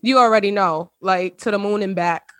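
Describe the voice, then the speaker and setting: A woman's voice: mid-range voice, normal speed, fairly bright tone, dry recording. Woman hosting a chatty podcast over video call, heartfelt and teary, laughs a lot, dry close sound. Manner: emotional, heartfelt, laughs often. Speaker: podcast host. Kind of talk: casual chat with friends.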